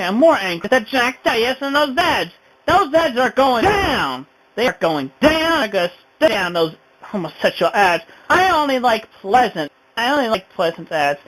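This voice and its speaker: A woman's voice: a little high, low-quality recording. A woman vlogging an indignant, rambling rant, sighing often. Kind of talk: ranting home vlog.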